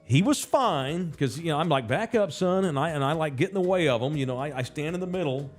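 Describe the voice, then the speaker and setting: Male podcast host, animated, profane storyteller, lively pitch, voices the other people himself. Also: fast talker, faint music behind. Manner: acts out other people's lines in a shifting voice; profane and emphatic.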